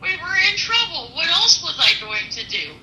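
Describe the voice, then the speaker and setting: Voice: high voice, sing-song, moderate pace, pushed and bright, roomy sound, far from the mic, slight background noise, voice pushed up, full character voice. A woman voicing a cheerful, matter-of-fact grandmother.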